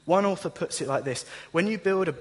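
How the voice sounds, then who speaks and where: Speaking fairly quickly in a high-pitched voice, a man preaches in a large hall. He's an animated storyteller who jokingly acts out the voices of his characters.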